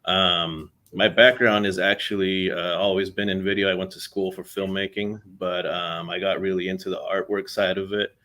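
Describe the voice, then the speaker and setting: A young man talking casually as a podcast guest, relaxed and rambling with many fillers. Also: low voice, moderate pace, hardly any pauses. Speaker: podcast guest, content creator. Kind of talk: casual interview talk.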